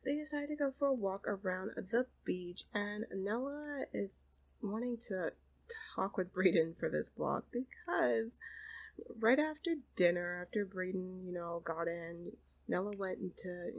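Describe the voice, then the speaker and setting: A woman's voice: mid-range voice, normal speed, creaky, poor audio. A woman hosting and casually narrating a life-simulation game story, chatty and full of fillers. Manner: chatty, full of fillers like kinda and you know. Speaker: host and storyteller.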